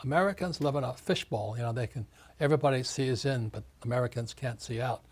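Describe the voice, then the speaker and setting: An older man in his seventies with a husky voice speaks as an interview guest. His delivery is emphatic and ranting, and he hammers his points home through repetition. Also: medium pitch, quick pace. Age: 70s. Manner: emphatic, ranting, repeats phrases. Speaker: author and investor guest. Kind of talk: casual interview talk.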